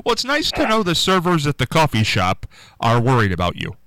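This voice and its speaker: A man's voice: mid-range voice, wildly swooping pitch, fairly quick, a bit bright, no echo, low-quality recording. A man hosting a radio interview, upbeat and chatty, laughing along with his guest. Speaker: radio host.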